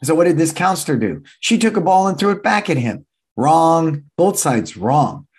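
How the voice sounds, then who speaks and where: A man of sixty with a husky, slightly rough voice delivers a motivational business talk to fellow martial arts school owners. He talks with energy and punch, repeats his key lines for emphasis, and now and then acts out other people's voices. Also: a little high, sing-song, normal speed. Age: 60s.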